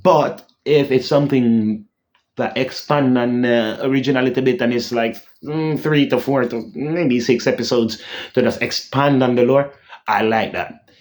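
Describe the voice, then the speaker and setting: A man's voice: mid-range voice, moderate pace, a little mellow. A man hosting a casual vlog rant, rambling and repeating himself, often tagging lines with "yeah?" and humming dramatic sound cues. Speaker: channel host.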